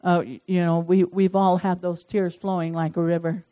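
A woman's voice: lowish voice, level tone, normal speed, mellow, poor audio. A woman leading a small-group Bible study, talking in a folksy, chatty way and reading verses aloud. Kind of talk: casual Bible study teaching.

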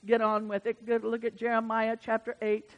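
A woman preaching a sermon in church. She swings from hushed asides to loud, emphatic bursts. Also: fairly high pitch, completely flat delivery, normal speed, muffled recording. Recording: reverberant church hall.

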